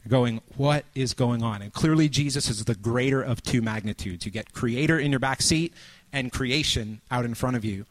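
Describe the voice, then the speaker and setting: A man at medium pitch preaches a sermon, painting a scene for his listeners. He talks loosely with fillers, then acts out moments, rising to cries or dropping to a near-whisper. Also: normal speed. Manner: storytelling, acts out scenes with sudden shouts and hushed asides.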